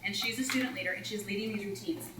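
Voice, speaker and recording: A woman math coach talking teachers through classroom routines in a chatty, animated way, acting out scenes with students. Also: mid-range voice, fast, a little hiss or hum. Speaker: math instructional coach leading a teacher workshop. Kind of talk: presenting to teachers. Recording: roomy echo, far from the mic, faint ambience.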